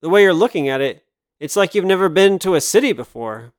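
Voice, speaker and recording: A man's voice: high-pitched, animated, a little fast, smooth, no room sound, clean studio sound, voice pushed up. A man voicing a friendly young woman jogger with a mid-Atlantic accent, in an audiobook. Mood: friendly teasing. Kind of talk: audiobook character voice.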